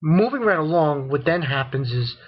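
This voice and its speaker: A man's voice: a little high, expressive, normal speed, husky. A man giving a casual, rambling episode recap, full of fillers and repeats, who sometimes acts out characters' lines. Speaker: anime reviewer. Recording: dull lo-fi home recording.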